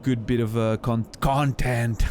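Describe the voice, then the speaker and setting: A male game streamer talks at an ordinary middle pitch in a loose, rambling way. He muses aloud between moves in the game. He restarts his sentences often and breaks into chuckles. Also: steady tone, slow, a little mellow, a little hiss or hum. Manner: rambling, chatty storyteller with frequent laughs and restarts. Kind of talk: casual chat while playing a game.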